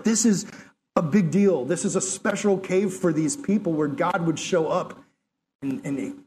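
A man giving a sermon in an earnest, conversational way, talking straight to his listeners and acting out lines of dialogue. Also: a little high. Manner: acts out God's and Elijah's words in lively asides. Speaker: preacher.

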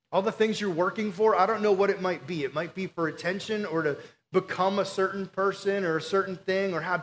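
Male pastor, fairly high voice, earnest conversational sermon delivery. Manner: earnest, pleading, conversational preaching.

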